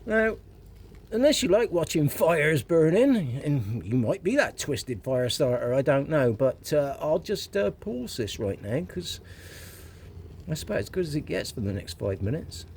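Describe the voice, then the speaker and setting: A man's voice: fairly high pitch, big pitch swings, unhurried, darkish tone, breathy edge. A man with a West Country accent talking casually to camera while cooking over a fire outdoors, rambling with wry asides and muttered remarks to himself. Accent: West Country English. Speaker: vlogger.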